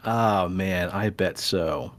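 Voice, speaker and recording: A man's voice: deep voice, takes it slowly, a bit bright, no room sound. A man co-hosting a casual podcast, joking and teasing his co-host, whom he keeps calling buddy.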